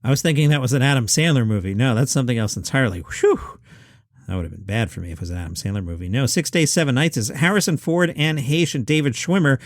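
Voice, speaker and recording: This is a man in his fifties, a podcast host recording solo at home, chatting wryly through lists of movies with quick asides. His mid-range voice is animated. The sound is clean and studio-like, with no room sound.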